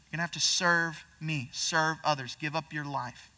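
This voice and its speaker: A young male pastor preaches casually, with a high, very bright and forceful voice. He reads scripture and then explains it plainly, sometimes putting on voices for people in the story. He sounds a little distant from the mic. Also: steady tone, normal speed. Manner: conversational preaching, acts out voices of disciples. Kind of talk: sermon.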